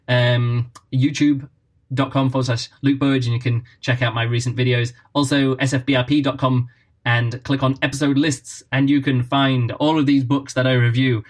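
A man hosting his own podcast in a casual, rambling, chatty way, correcting himself as he goes and speaking into a built-in laptop microphone. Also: mid-range voice. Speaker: podcast host. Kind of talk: casual solo podcast talk.

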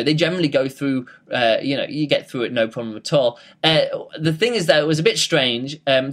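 A man's voice: mid-range voice, fairly bright tone. A man talks through his thoughts on a book in an easygoing, unscripted way. He rambles, trails off and restarts, filling the gaps with ums and you-knows. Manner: rambling, with frequent fillers and restarts. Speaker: book reviewer. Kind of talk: casual spoken book review.

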